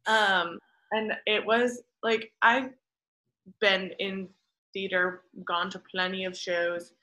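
A woman's voice: mid-range voice, level tone, takes it slowly, bright, forceful tone, rough recording. A woman co-hosting a podcast in casual chat, telling stories animatedly and acting out other people's voices. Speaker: podcast co-host.

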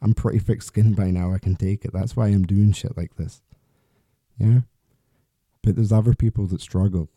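Man, podcast host, solo monologue, very mellow dark voice, rambling and candid. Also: lowish voice, steady tone, moderate pace, pauses often, no echo. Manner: rambling, candid, with frequent restarts and swearing.

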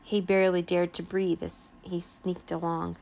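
A woman's voice: fairly low pitch, little pitch movement, measured pace, creaky, a little mellow, a little hiss or hum. Woman reading a bedtime story aloud. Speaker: children's story reader.

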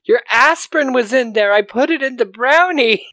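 A podcast host playing a sweet, dotty old woman obsessed with her pets. The voice floats very high and airy, innocent and oblivious. It sounds dry and close. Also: expressive, moderate pace, bright, forceful tone, no echo.

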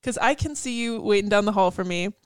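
A woman's voice: medium pitch, a little fast, clear, resonant tone, no echo. A young woman co-hosting a casual chat, picking apart song lyrics in a chatty way full of "like" and the odd swear. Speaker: co-host.

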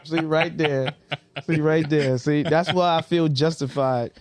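A man co-hosting a podcast in casual chat, animated and prone to repeating himself. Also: on the high side, measured pace. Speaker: podcast co-host.

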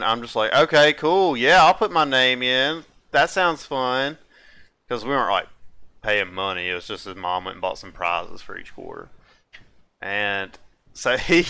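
A young man co-hosts a laid-back movie podcast with a somewhat low but bright, crisp voice. He tells stories with a lot of energy, acts out the lines of the people in them and laughs easily. His voice comes across smooth and clean. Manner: animated storyteller who acts out quotes and laughs often. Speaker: podcast co-host. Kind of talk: casual movie-review chat.

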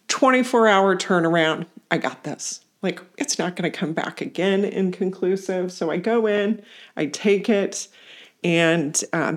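A woman telling a personal story to a meditation community, animated, acting out what others said and laughing along the way. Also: lowish voice. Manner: animated retelling with acted-out quotes and laughs. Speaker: community member sharing practice.

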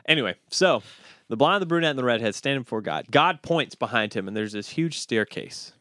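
A man hosting a podcast, telling jokes in an animated, chuckling way and often repeating himself. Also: mid-range voice, a little fast, no room sound, clean studio sound. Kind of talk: casual joke-telling chat.

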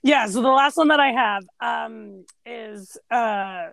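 Brief: laid-back woman co-host, slightly high, gravelly voice, casual film talk. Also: slow, fairly bright tone, no echo. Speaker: podcast co-host. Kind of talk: casual chat about a film.

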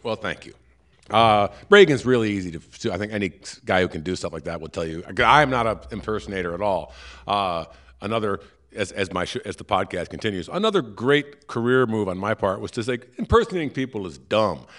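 A man's voice: fairly low pitch, lively intonation, brisk, fairly bright tone. A man hosting a live podcast in a theater, rambling and self-deprecating, with many restarts. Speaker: podcast host. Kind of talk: casual live podcast chat.

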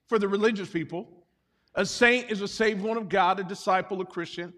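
Male pastor, high-pitched, winded, preaching to the room with jokes and call-outs; long reverb of a church hall. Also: fairly quick, a bit bright. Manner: jokey, talks with the congregation, asks for responses. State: out of breath. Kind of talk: sermon.

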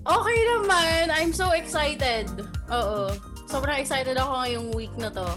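A woman, a podcast guest who is also a host herself, chatting in an excitable, giggly way and mixing Tagalog and English. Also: high voice, a little slow, music in the background. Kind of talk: casual podcast chat.

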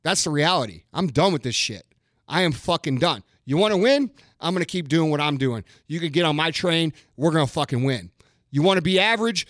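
A man's voice: fairly high pitch, expressive, a little fast, fairly bright tone, no echo, clean studio sound. Profane, confrontational man ranting. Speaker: podcast host. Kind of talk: ranting monologue.

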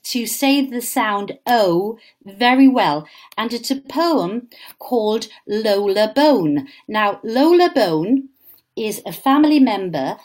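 A woman who teaches pronunciation, talking in a radio interview. She is chatty and explains clearly, speaking slowly in a fairly high voice. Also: a little mellow.

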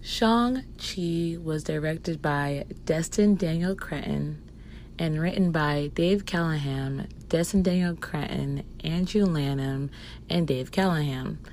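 A woman hosting a podcast movie review, hoarse from losing her voice, chatting casually. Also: low voice, slow, darkish tone, soft background music. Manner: chatty, with fillers and restarts. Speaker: podcast host.

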